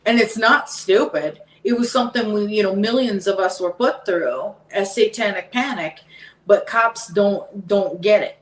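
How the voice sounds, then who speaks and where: A woman's voice: mid-range voice, unhurried. A woman talking as a guest on a podcast, emphatic and heated, repeating her points. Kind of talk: casual podcast chat. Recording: echoey room, distant from mic.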